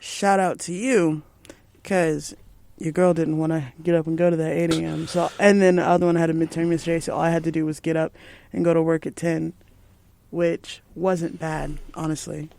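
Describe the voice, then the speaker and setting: Throaty young woman with a gravelly voice. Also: low-pitched, little pitch movement, normal speed, dark tone, dry recording. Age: young adult. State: throaty, a bit hoarse. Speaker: college radio co-host. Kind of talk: casual chat. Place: radio studio. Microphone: studio mic.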